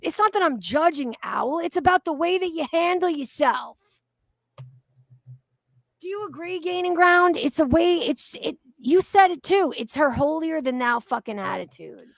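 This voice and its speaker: A woman hosts a casual livestream with a high voice. She talks bluntly and heatedly, cursing freely. The sound is close and dry, with no room echo. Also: animated, normal speed, gravelly. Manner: blunt, heated, swears a lot. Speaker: livestream host.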